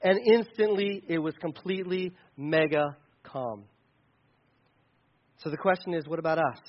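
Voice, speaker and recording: Animated high-voiced male preacher. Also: a little slow, highs cut off. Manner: conversational and animated, shouting for emphasis. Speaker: pastor. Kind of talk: sermon.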